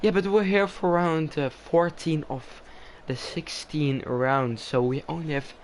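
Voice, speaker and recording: A man doing casual live-stream commentary on a sim racing league, rambling with many fillers and pauses. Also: on the high side, steady tone, a little hiss or hum.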